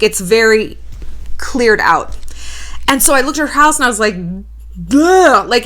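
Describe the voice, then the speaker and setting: A woman doing a casual commentary vlog, chatty and profane, full of "like.". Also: high voice. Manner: animated, profane, chatty with filler 'like'. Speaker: YouTuber commentator.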